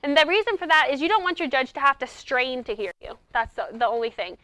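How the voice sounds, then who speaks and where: Woman debate coach, high bright voice, really animated, acts stuff out, dry sound. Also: fast talker, no echo. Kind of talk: speech-coaching talk to students. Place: conference presentation.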